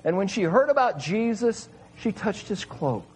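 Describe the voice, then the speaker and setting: A man's voice: high voice, very animated, moderate pace, slight background noise, low-quality recording. A man preaching a sermon, retelling scripture in an earnest, emphatic way with repeated phrases. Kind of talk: sermon reading and explaining scripture.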